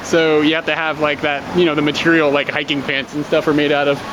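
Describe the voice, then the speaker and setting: A man's voice: fairly high pitch, flat delivery, quick pace. Rambling man vlogging over street noise. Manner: rambling, lots of "like" and self-corrections. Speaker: travel vlogger. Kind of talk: casual vlog talk to camera.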